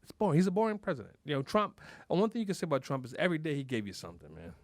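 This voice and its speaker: A man with a high, lively voice hosts a casual podcast, joking, cursing and laughing as he riffs. His voice is animated and swoops up and down. The studio sound is dry and close. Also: rapid-fire, dry recording. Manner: animated, profane, riffing with laughs. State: sweating. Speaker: podcast host. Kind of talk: casual comedic talk.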